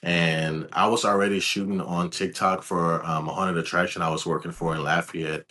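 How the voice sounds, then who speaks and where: A laid-back young man from Louisiana, answering interview questions as a guest in a calm, soft-spoken way. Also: sits low, normal speed. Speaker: guest, videographer.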